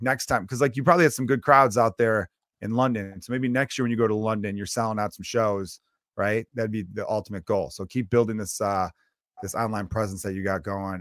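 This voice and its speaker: A man's voice: fairly low pitch, fairly bright tone, dry recording. A man hosting a podcast in casual, crude, joking banter, with a dry close-mic sound. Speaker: podcast host.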